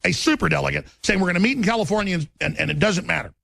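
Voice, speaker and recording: A man's voice: sits high, lively intonation, very fast, creaky, pushed and bright, no echo. A middle-aged man hosting a talk show, ranting in heated political commentary with intense repetition.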